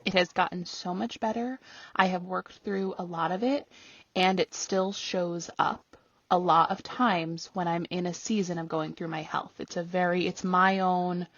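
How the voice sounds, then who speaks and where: A woman hosting a podcast tells a personal story in a casual, lively way. She laughs often and jumps high when she acts out her own reactions. Her voice is slightly husky, recorded dry and a little muffled. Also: measured pace, dry recording. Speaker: podcast host.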